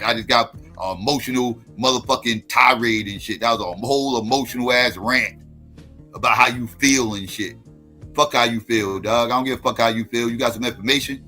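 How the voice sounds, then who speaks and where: A man hosting a livestream, ranting hard and cursing constantly, hammering the same points over and over. His voice is bright and forceful, with faint music underneath. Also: medium pitch. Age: adult. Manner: combative, profane, repetitive. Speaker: livestream host. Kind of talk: heated livestream rant.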